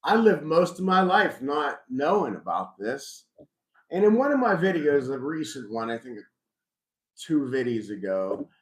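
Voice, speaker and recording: A man's voice: fairly high pitch, sing-song, measured pace. A middle-aged man hosting a casual live chat, reflective and rambling with frequent restarts. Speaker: host. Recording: roomy echo.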